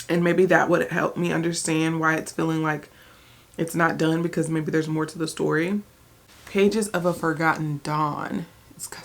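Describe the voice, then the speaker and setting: Young woman, rambling casual vlogger, slightly low voice. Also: fairly bright tone. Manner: chatty, rambling, many "like"s and restarts; talking while eating. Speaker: book vlogger. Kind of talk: casual vlog chat.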